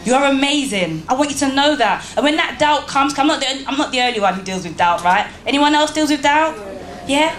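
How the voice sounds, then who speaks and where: A woman's voice: high voice, expressive, fairly quick, fairly bright tone. A woman giving a motivational speech to a live audience in a church hall, emphatic and firing rhetorical questions at the crowd. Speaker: motivational speaker. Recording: roomy hall, faint background ambience.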